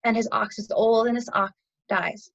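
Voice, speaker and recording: A woman with a fairly high voice tells a story in an interview, animated and chatty and full of small fillers. She speaks as a yoga teacher sharing a lesson. The audio is a little muffled and lo-fi. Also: normal speed, gravelly. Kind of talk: storytelling a parable in conversation.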